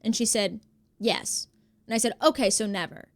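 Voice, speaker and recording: A young woman, streaming live and telling a story to her chat, acting out the quotes in an animated, exasperated way. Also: mid-range voice, normal speed, no room sound.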